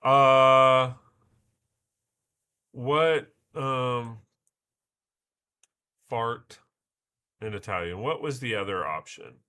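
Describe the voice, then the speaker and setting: A man's voice: medium pitch, very slow, pauses often, pushed and bright, clean tone. A man hosting a casual livestream, muttering to himself and swearing as he works. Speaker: livestream host. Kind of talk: casual livestream chat while building.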